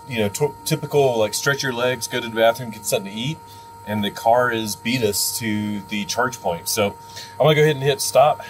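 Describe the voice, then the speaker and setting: A man co-hosting a road trip vlog, explaining things in a relaxed, casual way with lots of fillers. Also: mid-range voice, poor audio. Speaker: vlog co-host. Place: inside a car on the highway. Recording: road noise in a car.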